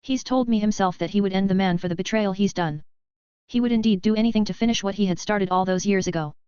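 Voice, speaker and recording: A woman reading as a calm, knowing young man. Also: medium pitch, clean tone, dry recording, lo-fi sound, natural voice. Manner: calm, measured. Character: calm, knowing young male company leader.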